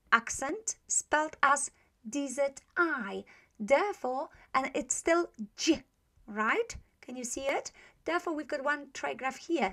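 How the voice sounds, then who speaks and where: Woman, pronunciation teacher; slow, repetitive, keeps checking in. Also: on the high side, a bit bright. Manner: slow, repeats sounds many times, checks in with "okay?" and "right?". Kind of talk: pronunciation lesson.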